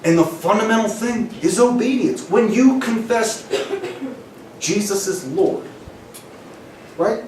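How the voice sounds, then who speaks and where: A man preaching a camp sermon, animated, laughing often and asking the crowd questions. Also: sits high, slow pace, long pauses, a little hiss or hum. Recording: roomy hall, distant mic, faint ambience.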